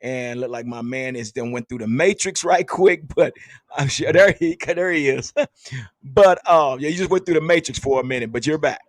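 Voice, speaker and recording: A man's voice: mid-range voice, normal speed, dry recording. A man hosting a casual sports fan podcast, upbeat and chatty, laughing often. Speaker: podcast host.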